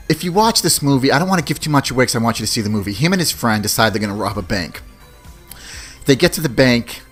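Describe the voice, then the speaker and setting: On his solo movie-countdown podcast, a forties-aged male host speaks in a mid-range, slightly bright voice. His delivery is relaxed and loose, peppered with "you know what I mean."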